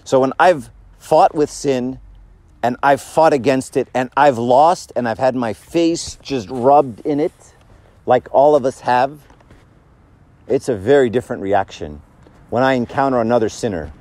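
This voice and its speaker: A man's voice: mid-range voice, a little slow, darkish tone, no echo. A man giving a casual, conversational sermon, joking and asking the audience questions. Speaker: church speaker.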